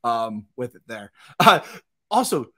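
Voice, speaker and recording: A man co-hosting a podcast, chatting excitably with lots of swearing and laughter. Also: mid-range voice, slow. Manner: excitable, profane, laughs often. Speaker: podcast co-host. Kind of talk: casual podcast chat.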